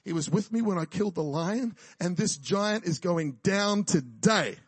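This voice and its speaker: A man's voice: sits high, lively intonation, measured pace, husky, no echo, exaggerated voice. A man preaching, voicing a bold young shepherd boy who boasts he will beat a giant. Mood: defiant. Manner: confident, defiant.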